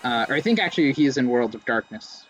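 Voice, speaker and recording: A man's voice: medium pitch, lively intonation, fast, husky, soft background music. A young man giving casual, rambling, self-mocking commentary while playing a racing game. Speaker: let's play streamer.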